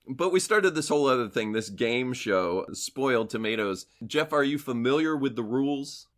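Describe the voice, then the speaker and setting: A man's voice: mid-range voice, lively intonation, normal speed, a bit bright. A man co-hosting a podcast who chats in a friendly way, laughs often and asks the guest questions. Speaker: podcast co-host. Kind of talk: casual chat.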